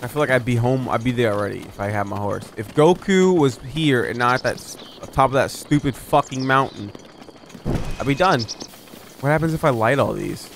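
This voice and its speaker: A man's voice: mid-range voice, moderate pace, vocal fry, slight background noise. A man giving let's play commentary as he plays, exasperated, swearing often and muttering to himself. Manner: pleads and repeats words under his breath. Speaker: gaming channel host.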